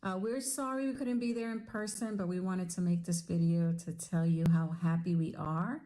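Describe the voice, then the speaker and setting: A middle-aged woman with a low voice talks straight to the camera in a casual video message. Her tone is warm and mellow, and she tells her story in a chatty, animated, teasing way. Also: normal speed, poor audio. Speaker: retired sailor, friend giving a video tribute.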